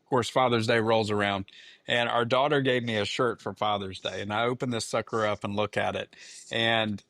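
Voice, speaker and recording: A man's voice: on the low side, brisk, dry recording, studio quality. A man in his fifties, a podcast co-host, telling a family story in casual chat and acting out the quoted lines. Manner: animated storyteller, acts out quotes.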